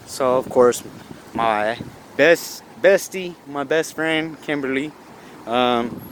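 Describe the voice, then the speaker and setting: A man casually telling stories, rambling and correcting himself, swearing freely, and acting out other people's lines in a higher voice. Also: slow, slight background noise. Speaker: vlogger. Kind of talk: casual storytelling.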